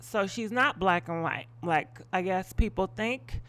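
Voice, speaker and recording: Talking a little slowly with few pauses, this gossip show host has a fairly bright, mid-range voice. On her live stream she swears plenty and delivers blunt opinions, wandering off into asides and filling gaps with ums.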